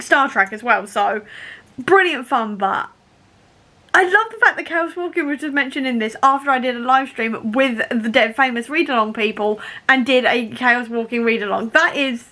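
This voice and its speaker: A woman's voice: fairly high pitch, normal speed, sharp tone. A young woman vlogging casually about a book she is reading, gushing and emotional, often laughing.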